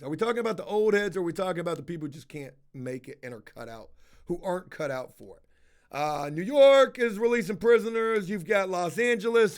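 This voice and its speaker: Casual male streamer, high voice, profane rambling chat-reading commentary. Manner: rambling, swears a lot, slips into put-on voices.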